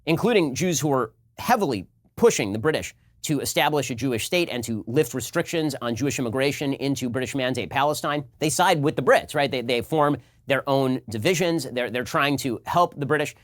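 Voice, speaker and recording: A male political commentator in a played clip, lecturing in a brisk, assertive way. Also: medium pitch, lively intonation, no echo.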